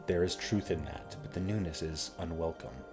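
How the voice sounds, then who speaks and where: A man voicing a grave, calm scarred man with no memory, speaking low and subdued. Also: moderate pace, over music, natural voice.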